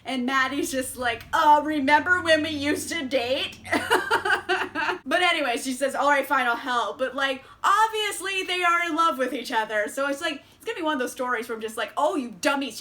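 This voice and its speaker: A woman's voice: sits high, pushed and bright. A woman vlogger casually chatting through a book haul, bubbly and giggly, with lots of fillers.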